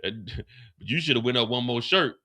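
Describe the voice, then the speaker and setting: A man hosting a live stream, recapping a TV episode in a casual, profane, animated way. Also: medium pitch, normal speed.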